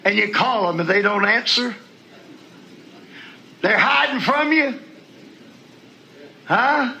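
A preacher with a high, gravelly voice delivers a sermon, dropping low and quiet for scripture, then rising to shouted praise. His tone is bright and cutting, and he talks to the congregation in a plain, folksy way. A faint hiss of room ambience sits behind him. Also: expressive, slow pace, rough recording.

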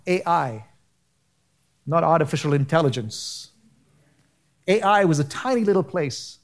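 A man preaching a sermon as a pastor, impassioned and rising to near shouting, with casual slang mixed into his preaching. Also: on the high side. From United States.

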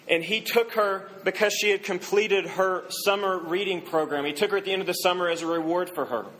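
A man preaching a sermon, telling a story and quoting its people in a softer voice. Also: sits high, slight background noise, rough recording. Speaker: pastor.

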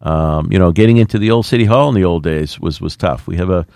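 A man's voice: deep voice, fast talker, vocal fry, a little mellow, no echo, studio quality. A middle-aged man, a mayor speaking in a plainspoken, folksy way with plenty of fillers. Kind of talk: radio interview talk.

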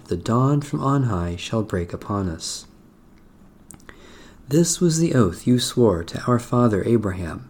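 Solemn man reading prayers, mellow voice. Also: mid-range voice. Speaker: liturgical reader. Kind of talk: slow liturgical reading of prayers and scripture.

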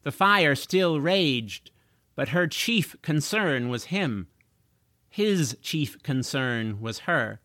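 A man narrating a chapter of a children's fantasy audiobook in a slow, expressive storytelling manner. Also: a little high, dry recording, studio quality.

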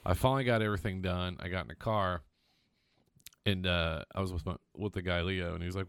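A man's voice: low-pitched, steady tone, quick pace, fairly bright tone, dry recording. A man co-hosting a podcast in casual chat, rambling through anecdotes and often restarting his sentences. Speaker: podcast co-host.

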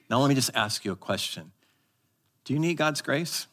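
A male pastor preaching a live sermon to a congregation, teaching emphatically and having the audience repeat words, moving between quick asides and slow stressed phrases. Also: medium pitch, animated, fairly bright tone. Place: church service.

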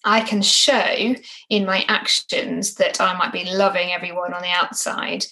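A woman's voice: on the low side, steady tone, measured pace, sharp tone, poor audio. A woman co-hosting a casual Bible study discussion, earnest and reflective, often ending points with tag questions. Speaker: co-host discussing a Bible passage.

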